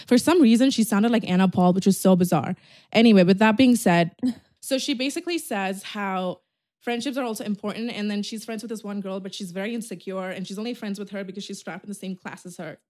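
A young woman in her twenties hosts a casual podcast, talking in an animated, swear-laden way with frequent laughter. Her voice sits at a middle pitch. The recording is close and dry, with no room sound. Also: fairly quick, dry recording. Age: 20s. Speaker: podcast host. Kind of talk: casual chat.

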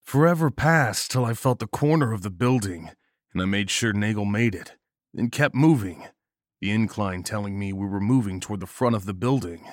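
A man narrating a first-person horror story in a grim, measured way. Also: lowish voice, dry recording, clean studio sound.

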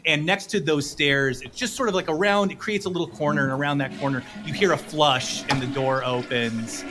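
A man's voice: a little high, a little fast, music in the background. A man narrating a tabletop game as game master, rambling with many fillers and frequent laughs.

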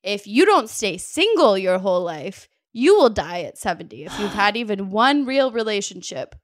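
A woman's voice: mid-range voice, big pitch swings, normal speed, natural voice. A woman playing a cheeky, scheming young female spellcaster who is pleased with her own mischief. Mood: sly. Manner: cheeky, pleased with herself, teasing.

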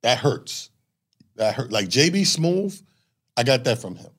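A man's voice: mid-range voice, measured pace, slightly rough. A man in his forties, a stand-up comedian, chatting in an interview and acting out voices as he tells stories. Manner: animated storytelling, acts out voices. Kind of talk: casual interview chat.

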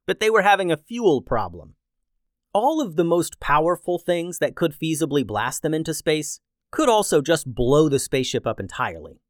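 A man hosting a children's story podcast and narrating in a friendly, expressive way. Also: a little high, no echo, studio quality.

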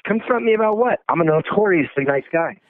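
A man's voice: high voice, animated, a little fast, no room sound. A man calling in to a comedy podcast, ranting with mock outrage and indignation. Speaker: comedian caller. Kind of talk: improvised comedy phone call. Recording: tinny phone line.

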